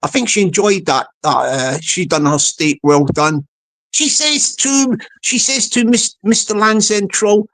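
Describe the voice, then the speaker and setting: A man's voice: sits high, a little slow, a bit bright. A man vlogging comic commentary, rambling along with many stammered restarts.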